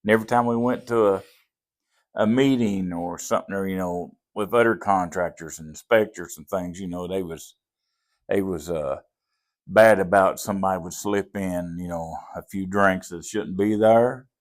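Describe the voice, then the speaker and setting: A man's voice: sits low, moderate pace. An older man, a pastor with a Southern Appalachian accent, telling folksy stories in an interview. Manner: folksy, drawling storyteller who acts out quoted voices. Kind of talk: storytelling in a podcast interview.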